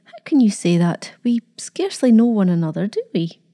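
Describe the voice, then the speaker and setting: A woman's voice: mid-range voice, big pitch swings, fairly quick, warm tone. A woman reading a stiff, jealous old grandmother. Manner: stiff and hesitant. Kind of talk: storybook reading.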